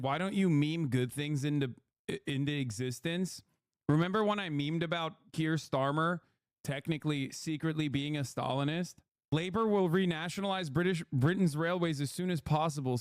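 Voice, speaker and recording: A man's voice: a little high, no echo, studio quality. Brash, profane male streamer. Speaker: streamer host. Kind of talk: casual political commentary.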